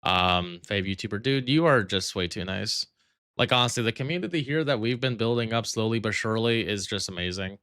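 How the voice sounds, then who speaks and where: A man's voice: fairly low pitch, lively intonation, fairly quick, pushed and bright, no echo, clean studio sound. A man live streaming a game, chatting casually with viewers in a rambling, playful way with lots of fillers.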